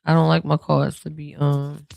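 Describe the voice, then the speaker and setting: A tarot reader with a New Orleans accent gives a casual card reading and speaks straight to the listener. The phrasing is slow and drawn out, full of soft fillers. The voice sounds dry and close, with no room echo. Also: medium pitch, flat delivery, vocal fry. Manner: reassuring, speaks straight to the viewer.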